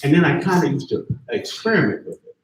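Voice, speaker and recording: A man's voice: a little high, sing-song, fast, slight background noise. A man in his fifties, speaking from the audience at a campus panel. He talks with passion, swears freely and keeps asking whether he is understood. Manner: passionate, profane, keeps asking "you see what I'm saying". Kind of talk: impassioned spoken comment. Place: campus event hall. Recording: very echoey live room.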